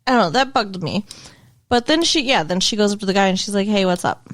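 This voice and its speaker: Giggly, animated woman podcast co-host. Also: medium pitch, fast. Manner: chatty, giggly, uses "like" a lot. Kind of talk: casual chat, recapping a TV episode.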